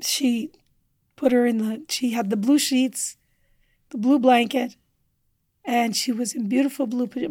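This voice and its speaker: A woman guest on a podcast telling a personal story with earnest feeling, sometimes dropping to a hushed near-whisper. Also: a little high, fairly even intonation, moderate pace, pauses often, dry recording. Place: indoor studio table.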